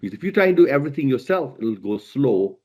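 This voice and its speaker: A middle-aged man delivers a motivational keynote. He drives home each point by repeating the key words, in a voice of ordinary pitch for a man. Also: big pitch swings, quick pace, a little mellow. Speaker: keynote speaker.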